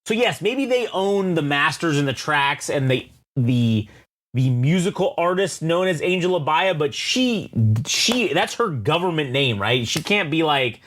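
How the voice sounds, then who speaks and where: A man's voice: on the high side, very animated, unhurried, a bit bright. A man co-hosting a casual podcast chat, swearing freely and riffing on his opinions. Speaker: podcast co-host.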